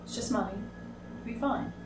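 A woman playing her character in a tabletop game, speaking softly and reassuringly. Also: brisk, faint music behind. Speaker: player. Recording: echoey room, mic far off, noise.

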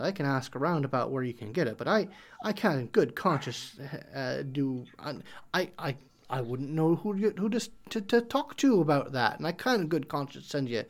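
A man voicing a nervous, kindly tavern local who stammers and talks in a folksy way, sometimes dropping to a hush. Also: on the high side, lively intonation, moderate pace. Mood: wary.

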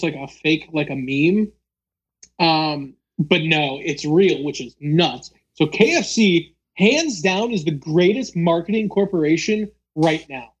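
A man's voice: sits high, husky. A man hosting a casual chat, rambling with many fillers.

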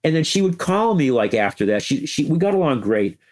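An older man telling animated, chuckling stories as an interview guest, slipping into quoted voices. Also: a little high, fairly quick. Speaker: interview guest, former music news editor. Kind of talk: anecdotal interview storytelling.

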